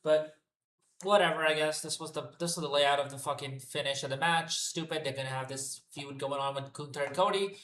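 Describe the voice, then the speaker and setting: A man's voice: on the high side, brisk, a bit bright, roomy sound, slight background noise. A man giving an unscripted, profane and exasperated solo rant reviewing a wrestling show.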